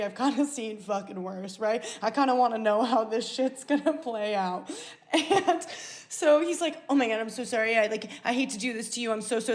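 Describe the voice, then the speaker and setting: Animated young woman telling a story. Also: fairly high pitch. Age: 20s. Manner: animated, swears freely, acts out quoted voices. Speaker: podcast host. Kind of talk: casual storytelling monologue.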